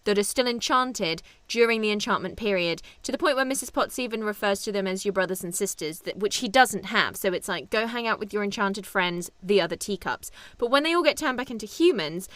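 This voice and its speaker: A woman co-hosting a casual film-review podcast. She is excitable, laughs often, and goes off on quick tangents. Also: mid-range voice, dry recording. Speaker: podcast co-host.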